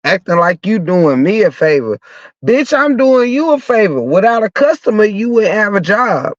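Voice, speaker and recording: A man's voice: high voice, sing-song, moderate pace, no room sound. A man with a stuffy nose from a cold, ranting bluntly and cursing through a heated story as a podcast host. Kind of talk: profane comic rant. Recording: dull lo-fi dry sound.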